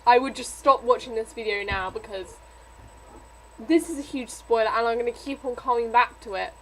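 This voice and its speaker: A woman's voice: on the high side, moderate pace, a bit bright, slight background noise, poor audio. A young woman reviewing a book in a casual vlog, rambling with many fillers and getting emotional. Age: young adult.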